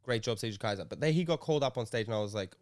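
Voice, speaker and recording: A young comedian with a smooth, clear voice and a middling pitch tells a story on a podcast. He talks casually and animatedly, swears freely, and keeps slipping into other people's voices. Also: expressive, rapid-fire.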